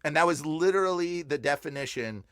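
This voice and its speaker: Excitable high-pitched young man telling a story. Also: brisk, smooth, no room sound. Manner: excitable, voice jumps up when quoting himself. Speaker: podcast guest. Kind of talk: animated personal storytelling.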